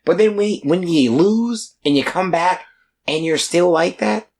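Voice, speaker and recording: A man's voice: sits high, measured pace, vocal fry, a little mellow, a little hiss or hum. A young man co-hosting a casual anime podcast, acting out character lines and laughing often. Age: young adult. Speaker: podcast co-host.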